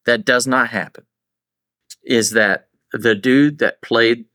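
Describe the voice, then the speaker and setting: A man's voice: medium pitch, fairly even intonation, takes it slowly, pushed and bright, dry recording, studio quality. A man in a casual podcast chat, enthusiastic and jokey. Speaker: podcast co-host.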